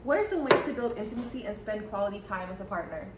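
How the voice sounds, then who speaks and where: Young woman podcast co-host, giggly and hesitant, echoey room with steady background noise. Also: mid-range voice, fast. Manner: giggly, hesitant with many ums. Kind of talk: casual chat.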